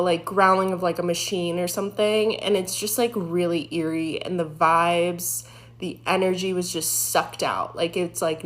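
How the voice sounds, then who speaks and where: A woman's voice: lowish voice, fairly bright tone. A young woman casually telling a spooky story from her work as an EMT, full of fillers and nervous laughs.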